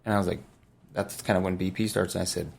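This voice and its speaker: Man, 30s, a bit low and gravelly, easygoing interview guest who rambles through anecdotes. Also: steady tone, quick pace, darkish tone. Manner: laid-back, rambling with many fillers and restarts. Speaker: former pro baseball player, podcast guest. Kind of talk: casual storytelling interview.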